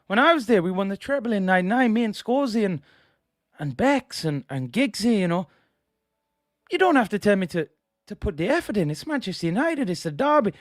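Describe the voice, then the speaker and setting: A man's voice: high voice, big pitch swings, fairly quick, no echo, clean studio sound, voice pushed up. A man doing a stern Irish football legend. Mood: scolding. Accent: put-on Dublin Irish. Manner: scolding, proud, lecturing.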